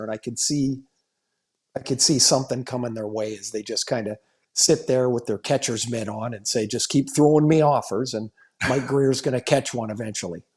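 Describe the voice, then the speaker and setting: A man's voice: mid-range voice, darkish tone. A middle-aged man, a former player, co-hosting a casual sports podcast and telling stories in a blunt, joking way. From Canada. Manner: blunt, storytelling, laughing asides.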